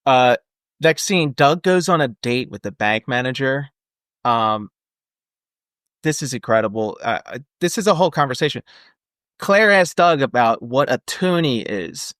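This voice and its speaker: Chatting loosely about a film as a podcast co-host, this man tosses in lots of fillers and jokes. He speaks at a medium pitch, expressive and unhurried, with a slightly bright tone on a clean studio recording free of room sound.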